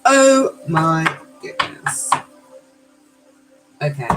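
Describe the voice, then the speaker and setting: Slow-talking woman giving a tarot reading. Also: low voice, sing-song, background noise. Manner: exclamatory, swears then apologizes; affectionate, calls listeners darlings. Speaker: tarot reader.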